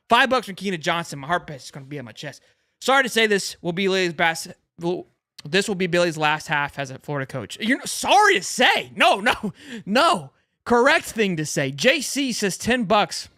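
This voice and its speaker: A young man hosts a fan livestream, ranting hard and cursing as he reads out viewer donations. His voice is bright and sharp, and it swings widely up and down. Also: sits high, no room sound, clean studio sound. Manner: angry, ranting, swears a lot, reads out donations. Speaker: sports livestream host.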